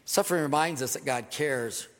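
A man's voice: medium pitch, normal speed. An older man preaching a sermon as pastor in church, earnest and emphatic, repeating key phrases. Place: church sanctuary. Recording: long hall reverb.

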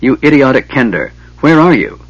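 A man voicing a gruff, hot-tempered old male dwarf in an audiobook reading, on lo-fi cassette tape. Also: on the low side, very animated, moderate pace, no echo. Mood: frantic shouting.

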